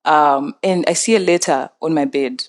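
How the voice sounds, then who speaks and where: A young adult woman telling a story in casual chat, animated and laughing often. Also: sits low, normal speed. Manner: animated, laughs often, acts out quoted voices.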